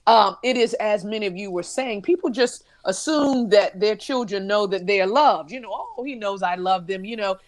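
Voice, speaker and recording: A woman's voice: mid-range voice, normal speed, few pauses. A woman moderating a podcast panel discussion, earnestly putting long questions to the others.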